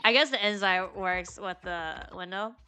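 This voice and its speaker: A woman's voice: medium pitch, unhurried, pushed and bright, slight background noise. A woman streaming a game, chatting casually with giggly, slangy asides. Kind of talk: let's play commentary.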